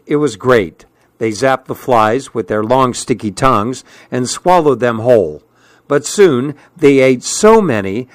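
A man hosting a program, reading a novel aloud with a measured storytelling delivery. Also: mid-range voice, dry recording.

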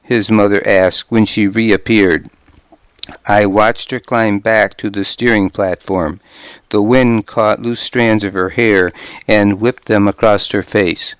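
A man narrating a first-person audiobook in a measured, even manner. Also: on the low side, clear, resonant tone, no echo.

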